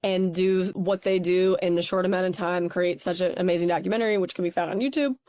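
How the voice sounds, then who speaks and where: A woman academic guest on a podcast interview, talking in a quick, animated, casual way. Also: on the low side, no room sound, studio quality.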